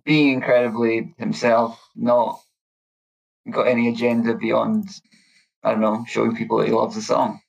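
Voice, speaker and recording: A man's voice: mid-range voice, level tone, moderate pace, gravelly, rough recording. A man appearing as a guest on a casual podcast, giving his views hesitantly and thoughtfully.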